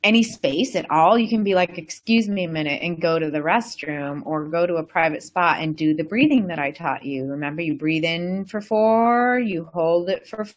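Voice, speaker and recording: A woman's voice: fairly low pitch, animated, normal speed, few pauses. A woman hosting a casual wellness live stream, talking to viewers in a chatty, rambling, enthusiastic way. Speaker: wellness host.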